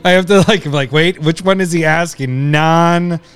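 A man's voice: fairly high pitch, a little fast, a bit bright, clear, resonant tone. A man hosting a card-guessing game, chatting casually, teasing and laughing often. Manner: giggly, teasing. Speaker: host giving clues in a card-guessing game. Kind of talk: casual live-stream chat.

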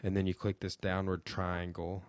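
A man's voice: sits low, completely flat delivery, normal speed, no echo, studio quality. A young man hosting a podcast, talking in a rambling way with lots of fillers and swearing. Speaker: podcast host. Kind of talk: casual chat.

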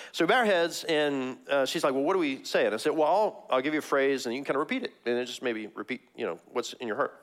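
A middle-aged male pastor from Missouri preaching a casual, conversational sermon with many fillers and frequent laughs, jumping up in pitch when he acts out a story. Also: lively intonation, quick pace, few pauses, a bit bright. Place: church sanctuary.

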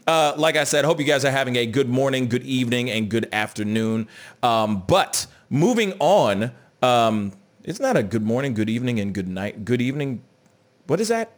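Brief: male host, lively sing-song delivery, playful, chatty, reads viewer comments on air. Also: medium pitch, moderate pace. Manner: animated, joking, greets viewers and reads chat aloud. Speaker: show host. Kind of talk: casual live news chat.

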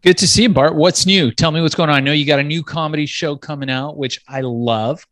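A man co-hosting a podcast, friendly and quick, sometimes halting over words. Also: on the high side, a bit bright, dry recording. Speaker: podcast co-host. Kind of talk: casual talk-show chat.

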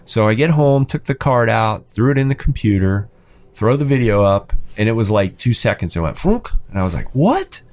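A man's voice: on the low side, a little fast, a little mellow. A man with a thirteen-year-old son, telling a casual anecdote with lots of fillers and restarts. His voice climbs sharply when he quotes himself or his son. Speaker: storyteller in a hobby chat.

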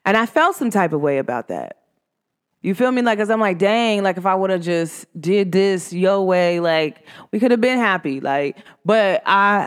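Smooth-voiced woman telling a rambling story. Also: big pitch swings, moderate pace. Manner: rambling, heavy use of "like", pitch swings up and down sharply. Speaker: vlogger. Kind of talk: casual personal storytelling.

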